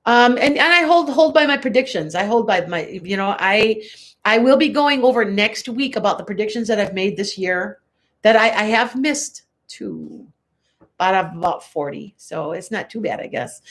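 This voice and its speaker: A woman tarot reader from the Chicago area, talking casually to viewers on a live stream, rambling and correcting herself as she goes. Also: medium pitch. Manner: rambling, chatty, frequent self-corrections.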